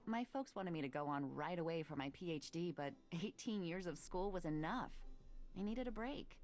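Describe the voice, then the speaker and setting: Give me a woman playing a witty, dry young bookshop clerk in a game, speaking low with lively ups and downs. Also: moderate pace, soft background music, lightly acted. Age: 20s. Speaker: game character. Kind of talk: voiced adventure game dialogue.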